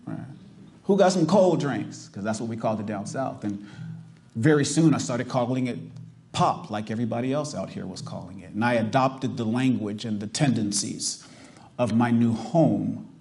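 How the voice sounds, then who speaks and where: A man's voice: on the low side, moderate pace, creaky, darkish tone, soft background music. A middle-aged male pastor from the US South with a Californian accent, preaching emphatically and asking the congregation rhetorical questions. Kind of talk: sermon.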